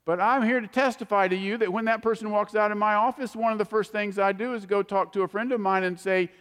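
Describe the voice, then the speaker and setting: A woman preacher giving a sermon, quoting scripture with emphatic, animated rises and falls in her voice. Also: medium pitch. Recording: long hall reverb.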